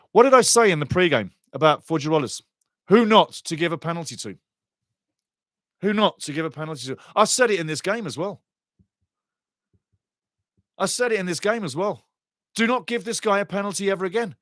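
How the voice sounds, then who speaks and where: A man giving passionate live fan commentary on a soccer match, excitable and swinging from muttering to shouting. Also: sits high, no room sound, clean studio sound.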